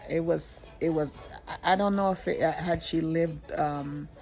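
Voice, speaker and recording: An older woman telling a personal story in an earnest, halting way, often restarting her sentences. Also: sits low, steady tone, darkish tone.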